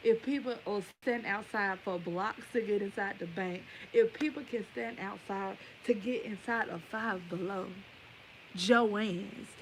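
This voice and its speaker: A woman's voice: mid-range voice, unhurried, a little hiss or hum, rough recording. A woman in her twenties giving a rambling, emphatic opinion rant straight to her viewers. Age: 20s. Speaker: vlogger. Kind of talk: casual opinion rant to camera.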